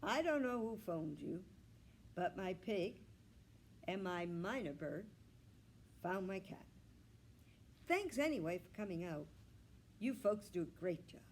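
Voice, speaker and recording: A woman's voice: mid-range voice, lively intonation, slow, pauses often, a little hiss or hum. A woman voicing a doting old grandfather who talks fondly to his pets in a storybook read-aloud. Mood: cheerful.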